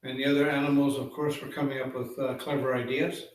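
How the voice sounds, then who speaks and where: A male storyteller recounting a legend in an easygoing, conversational manner, with the odd filler between phrases. His voice sits at a middle pitch and reaches the mic from a distance, in a room that rings with echo. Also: quick pace. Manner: relaxed, conversational telling with fillers. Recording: echoey room, far from mic.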